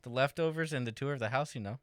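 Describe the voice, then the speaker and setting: A man's voice: mid-range voice, fast, no room sound. A man telling joking stories in casual podcast chat, laughing often.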